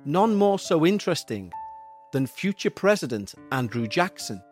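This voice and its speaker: A man tells a ghost story in a slightly high voice, with measured, suspenseful pacing. Quiet music plays softly beneath his narration. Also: big pitch swings. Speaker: podcast narrator. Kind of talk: scripted horror storytelling.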